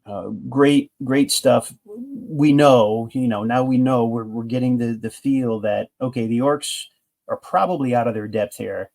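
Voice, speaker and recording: A man's voice: mid-range voice, unhurried, creaky, darkish tone. A man casually reviewing a comic book, retelling the story with enthusiasm in a rambling way that is full of restarts.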